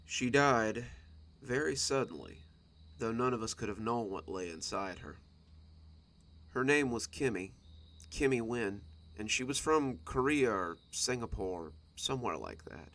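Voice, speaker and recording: A man narrating a scripted horror story for a storytime channel, reading in a dramatic, expressive way. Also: mid-range voice, unhurried.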